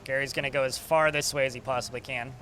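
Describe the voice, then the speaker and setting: A man's voice: mid-range voice, fairly even intonation, quick pace, pushed and bright, a little hiss or hum. A man casually commentating a strategy game while streaming, chatty and swearing now and then. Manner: chatty, swearing, talks to chat.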